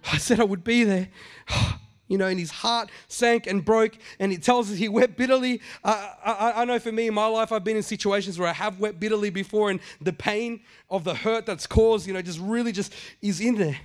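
A middle-aged man delivers a sermon in a raised, light pitch. He talks to the congregation conversationally, stumbling into asides, then drives points home by saying them twice. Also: steady tone, a little fast, hardly any pauses. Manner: conversational preaching, repeats phrases for emphasis, acts out quotes. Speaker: pastor.

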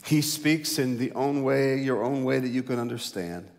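A male pastor preaching a sermon, rising loud and high to stress a point, then dropping low and slow. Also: gravelly. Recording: long hall reverb.

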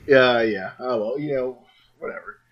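A man co-hosting a comic-book podcast, animated and acting out characters' lines in paraphrase. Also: medium pitch, normal speed. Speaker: podcast co-host. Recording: dull lo-fi mic.

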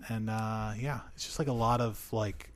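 A man's voice: lowish voice, fairly even intonation, normal speed. A man on a podcast reviewing a film in casual chat, rambling with lots of fillers and swearing. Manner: rambling, profane, many fillers, laughs often.

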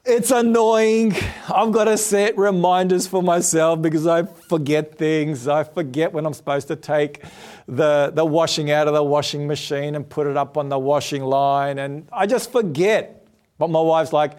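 A middle-aged man preaching a sermon, his voice pitched high for a man. He tells stories with animated jumps in pitch, then settles into a steady preaching tone. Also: moderate pace. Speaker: pastor. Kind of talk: sermon with personal story.

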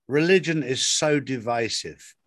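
A man's voice: mid-range voice, unhurried, fairly bright tone, no echo. Man telling a faith story, dry sound. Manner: storytelling, emphatic repetitions. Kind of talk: casual faith conversation.

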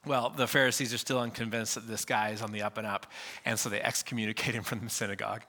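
Bright-voiced pastor preaching a sermon. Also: male voice, fast talker. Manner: animated storytelling, acting out quotes with shifts of pitch.

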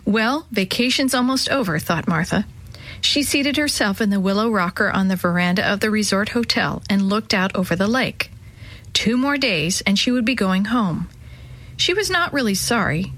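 A woman reads a children's story aloud, gentle and measured. Her voice sits at a middle pitch, and she closes with a simple moral. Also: low-quality recording. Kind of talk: scripted children's story reading.

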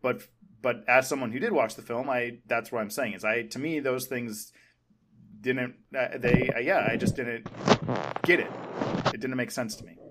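A man's voice: mid-range voice, moderate pace, slight background noise. A man co-hosting a casual film podcast, arguing his point and pushing back hard. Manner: argumentative, rising to loud pushback. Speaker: podcast co-host.

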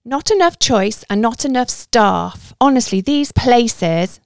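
A woman's voice: on the high side, big pitch swings, moderate pace, creaky, a bit bright, dry recording, studio quality, voice pushed up, full character voice. A woman voicing a rude, officious middle-aged tourist who talks sarcastically and aggressively. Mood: sarcastic.

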